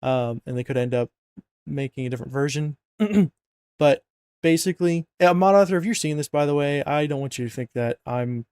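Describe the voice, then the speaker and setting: Speaking a little fast in a fairly high, slightly mellow, clean voice, a man casually guides viewers through a mod install on a screen recording. He's yawning and a bit sleepy, rambling and joking with many fillers and self-corrections, and the recording is dry.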